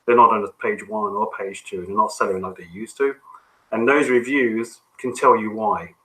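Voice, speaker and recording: A man coaching on a call, answering questions in a relaxed, conversational way with frequent ums and restarts. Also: lowish voice, moderate pace, rough recording. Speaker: business coach.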